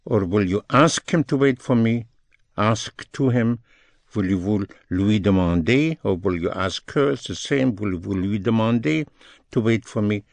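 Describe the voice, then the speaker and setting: A man teaching French phrases as a language lesson, speaking slowly and deliberately, repeating each phrase in English and French. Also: fairly low pitch, creaky, no echo.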